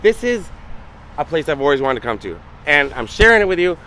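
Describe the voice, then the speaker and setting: A man from Canada, a guest on a casual vlog, talking in an excitable, enthusiastic way. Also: a little high, a little fast, a little hiss or hum. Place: outdoors on a studio lot.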